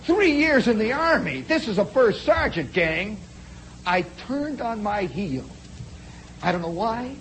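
A man telling a long first-person story in a dramatic, animated way, jumping from loud bursts to hushed asides and speaking straight to his listeners. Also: high-pitched, unhurried, a little hiss or hum, rough recording. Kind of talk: spoken storytelling monologue.

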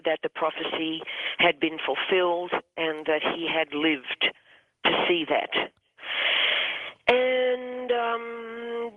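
A hypnotherapist phoned in to a radio show, recounting a session in an even, middle-pitched voice. The speech stumbles and circles back on itself, repeating words before moving on. The whole thing comes through a narrow, tinny phone line. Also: noisy background. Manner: halting, with many restarts and repeated words. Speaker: hypnotherapist guest. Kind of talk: storytelling on a radio call-in. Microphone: telephone.

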